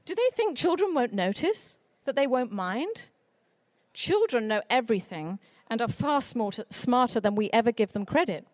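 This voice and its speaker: Higher-voiced woman giving an earnest talk. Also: normal speed, no echo, studio quality. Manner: earnest, expressive speaker with mock voices for quoted people. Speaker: children's author. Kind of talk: conference talk.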